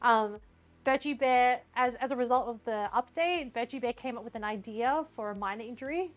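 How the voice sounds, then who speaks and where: A woman's voice: a little high, brisk. An Australian woman streamer chatting casually while she cooks in her home kitchen, giggly and scattered. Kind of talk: casual live-stream chat while cooking.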